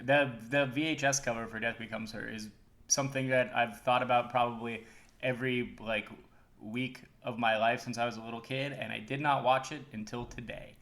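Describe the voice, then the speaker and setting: A man's voice: mid-range voice, steady tone, moderate pace, a bit bright. A man co-hosting a podcast in casual chat, talking in tangents filled with "like". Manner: chatty, tangent-prone, with frequent "like". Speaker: podcast co-host.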